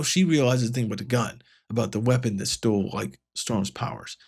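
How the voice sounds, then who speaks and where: Talking fairly quickly in a mid-range voice with vocal fry and a breathy edge, this man reviews a comic book on his podcast. He rambles, uses many fillers and restarts, and paraphrases dialogue in a slightly raised voice.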